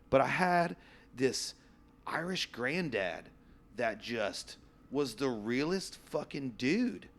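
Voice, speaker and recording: A male podcast host chatting casually with a guest. He tells loose, rambling stories, laughs often and swears freely. His voice sits at an ordinary pitch for a man. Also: fairly bright tone.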